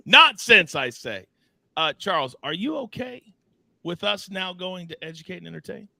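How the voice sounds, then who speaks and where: Bright-voiced playful sports show host. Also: male voice, high voice, fairly quick, creaky, no room sound. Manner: playful, teasing, animated. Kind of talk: live sports betting show banter.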